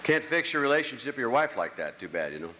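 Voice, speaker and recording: Animated ranting stand-up comedian in a hall. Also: male voice, fast talker. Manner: animated, ranting, swings between grumbling and squeaky outbursts. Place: large theater on stage. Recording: echoey hall, clear crowd noise. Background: audience.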